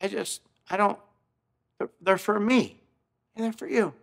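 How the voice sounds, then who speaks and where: A pastor acting out a grateful middle-aged male garbage collector, choked up and halting. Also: high voice, creaky, a bit bright, pitched above the performer's own voice, full character voice. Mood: moved.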